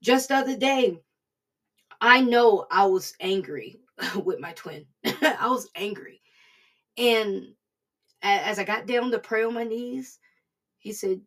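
A woman giving an informal devotional talk in an earnest, preaching manner, sometimes dropping to a soft hush. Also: mid-range voice, slow, pauses often. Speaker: devotional speaker.

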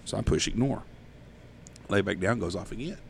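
A man, hosting a podcast and telling profane, animated stories in casual chat. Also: on the low side, moderate pace, gravelly, a little hiss or hum. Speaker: podcast host. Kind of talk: casual storytelling.

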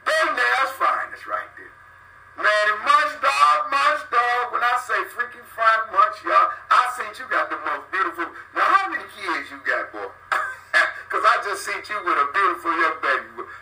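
A middle-aged man hosting his own podcast, rambling through loud greetings and shout-outs to friends, dropping low between them. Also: sing-song, normal speed, slight background noise. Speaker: podcast host. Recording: roomy sound from far off the mic.

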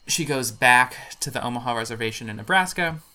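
A man hosting a podcast, telling history in casual chat with dry, deadpan jokes. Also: mid-range voice, fairly quick. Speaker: podcast host presenting history.

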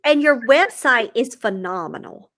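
A woman's voice: fairly high pitch, animated, measured pace, a bit bright. A woman hosting a casual interview, effusive and encouraging, full of praise for her guest. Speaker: interviewer host.

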